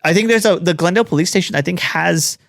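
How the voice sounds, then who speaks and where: A man co-hosting a comedic podcast, making sarcastic deadpan asides into a close mic. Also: high voice, fast, vocal fry, dry recording. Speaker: podcast co-host. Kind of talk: casual comedic chat.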